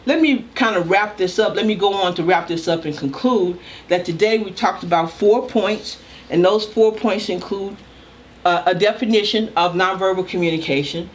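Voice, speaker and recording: Older woman, professor, recorded lecture, loud and emphatic delivery. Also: mid-range voice. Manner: loud talker, emphatic and deliberate. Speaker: communication professor.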